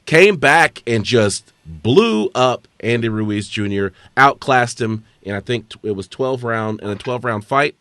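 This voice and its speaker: A man hosting a casual combat sports podcast, talking briskly with frequent fillers and restarts. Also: medium pitch, expressive, a bit bright, no echo. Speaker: podcast host.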